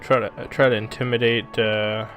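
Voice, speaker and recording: A man's voice: lowish voice, little pitch movement, normal speed, over music. Hesitant, joking man playing a game. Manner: hesitant, joking, reads choices aloud. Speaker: game streamer. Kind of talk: let's play commentary and reading dialogue.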